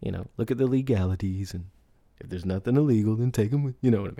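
A man's voice: lowish voice, fast talker, warm tone, no room sound. A man hosting a podcast who talks casually, often asking "right?" and laughing as he goes. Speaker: podcast host. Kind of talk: casual solo podcast talk.

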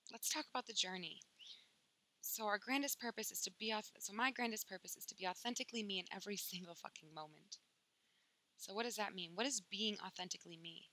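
A woman with a bright, clear voice gives a spiritual teaching in an emphatic, unguarded way. She talks casually and swears freely. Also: mid-range voice, low-quality recording.

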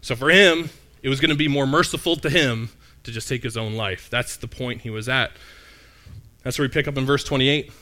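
A man's voice: medium pitch, a little fast, sharp tone. A man preaching a sermon in a conversational, storytelling way, often asking the listeners questions.

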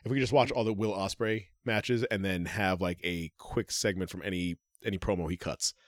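A man's voice: low-pitched, fairly even intonation, fairly quick, no echo, studio quality. A man co-hosting a casual podcast, joking around and laughing often. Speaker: podcast co-host.

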